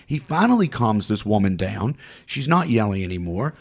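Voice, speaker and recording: A man's voice: lowish voice, moderate pace, few pauses. A man co-hosting a casual podcast, telling a story and acting out the voices of the people in it. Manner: animated, acts out voices in his stories. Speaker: podcast co-host.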